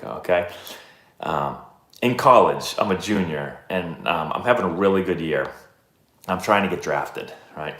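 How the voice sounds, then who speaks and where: A man's voice: low voice, roomy sound. A man from the Boston area hosting a casual live baseball stream, telling stories with lots of fillers and reading out viewer messages. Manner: animated storyteller, many fillers. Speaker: baseball channel host answering live chat. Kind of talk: casual livestream storytelling.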